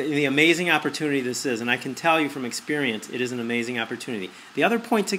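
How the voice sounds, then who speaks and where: A man's voice: on the high side, sharp tone, a little hiss or hum. A man giving a persuasive screen-recorded review, repeating his points and asking rhetorical questions. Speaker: online marketer.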